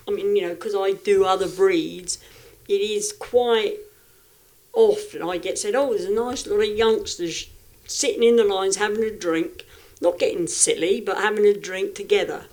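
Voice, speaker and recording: A woman's voice: mid-range voice, darkish tone. A woman speaking as a podcast guest, frank and reflective, often restarting her sentences in casual talk. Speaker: guest, livestock exhibitor.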